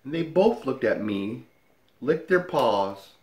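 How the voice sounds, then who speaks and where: A man's voice: medium pitch, slow, echoey room. Man telling a playful rhyming tale. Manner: lively, playful sing-song reading. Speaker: woodworking video maker. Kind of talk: rhyming story narration.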